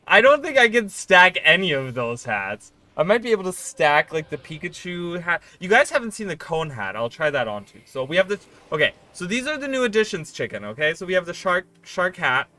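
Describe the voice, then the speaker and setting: A man streaming live, chatting casually with his viewers in a rambling, excitable way and swearing freely. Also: on the high side, brisk, few pauses.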